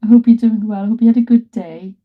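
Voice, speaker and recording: A woman's voice: fairly high pitch, steady tone, fast talker, narrow, tinny audio. A woman in her thirties, an artist chatting casually on a live stream, laughing often and greeting viewers as she works in her studio. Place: home art studio.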